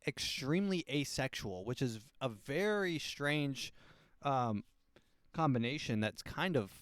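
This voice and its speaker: Guy rambling about a book on his podcast, smooth voice, dry close mic. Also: mid-range voice, dry recording. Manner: rambling, animated, acts out quotes in silly voices. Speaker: podcast host. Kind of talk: casual book review monologue.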